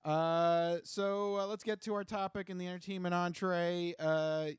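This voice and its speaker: Hesitant podcast co-host, high voice. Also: male voice, flat delivery, a little slow, smooth, no echo, studio quality. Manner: hesitant, many uh fillers. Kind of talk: casual chat.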